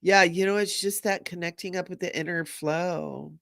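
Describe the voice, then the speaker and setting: A woman's voice: fairly low pitch, steady tone, normal speed, vocal fry, a bit bright. A middle-aged woman hosting a spiritual live stream, bubbly and gushing, laughing often as she talks to viewers. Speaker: spiritual medium and livestream host.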